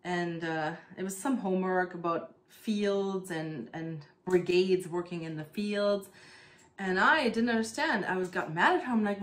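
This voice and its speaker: A woman's voice: lowish voice, unhurried. A woman from East Germany in her thirties, chatting casually to the camera at home while doing plant chores, with lots of fillers and laughter. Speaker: vlogger.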